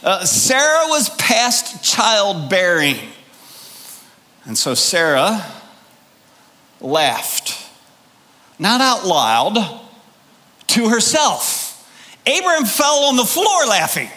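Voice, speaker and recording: Man, pastor, sermon, emphatic, rhetorical questions, slow-paced, bright tone. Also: high voice, big pitch swings. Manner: drawn-out, deliberate delivery with pauses.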